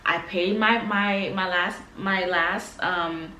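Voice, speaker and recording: A woman's voice: lowish voice, steady tone, takes it slowly, bright, forceful tone, slight background noise. Woman from Florida, casual vlog storytelling, emphatic, slangy, echoey room, mic set back. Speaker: vlogger. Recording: roomy, mic a bit far.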